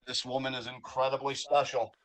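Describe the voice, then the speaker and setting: A man co-hosting a live wrestling watch-along, giving animated play-by-play and hyping the wrestlers on a home streaming mic. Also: medium pitch, brisk, slight background noise. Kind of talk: live reaction commentary.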